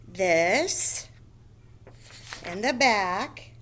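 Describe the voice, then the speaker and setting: Slow, patient woman teaching young kids. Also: mid-range voice, expressive, fairly bright tone, a little hiss or hum. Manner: slow, patient, explains step by step and checks with "okay?". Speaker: first grade teacher. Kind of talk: recorded phonics lesson for young children.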